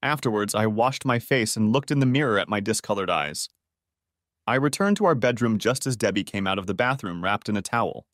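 A man reading a first-person story aloud in a steady, even manner. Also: on the low side, a little fast, no room sound, studio quality. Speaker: audiobook narrator.

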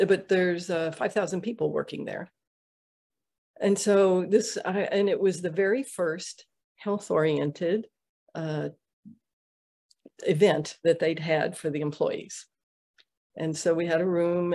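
A middle-aged woman telling a story in a podcast interview, halting with many fillers and restarts. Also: deep voice, gravelly, darkish tone. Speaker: interview guest, Ayurvedic practitioner. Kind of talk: conversational storytelling.

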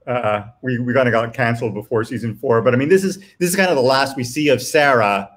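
A man's voice: medium pitch, fast talker. A man, a writer and showrunner, talking casually on a panel with lots of restarts and small hesitations. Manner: relaxed, hesitant, with many restarts.

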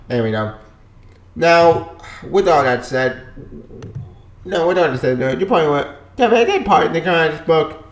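A man ranting about a comic he dislikes, his fairly high voice jumping into loud, exasperated outbursts. The room around him is echoey and bare. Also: animated, normal speed. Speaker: comic book reviewer. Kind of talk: ranting video review.

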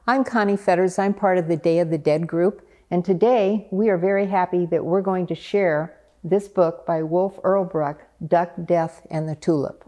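A woman reading a picture book aloud in a gentle, unhurried way. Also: lowish voice. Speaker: storyteller.

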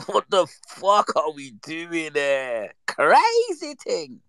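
A man, chatting casually and reminiscing with lively slang, acting out the voices in his stories. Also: a little high, extremely slow, smooth, no room sound. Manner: animated, slangy, acts out quoted voices. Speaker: storyteller.

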